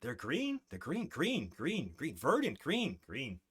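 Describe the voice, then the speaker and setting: A man's voice: wildly swooping pitch, takes it slowly, fairly bright tone, husky, exaggerated voice. A man doing whispering forest creature chorus. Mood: excited chatter. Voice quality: whispery, repetitive, high chatter.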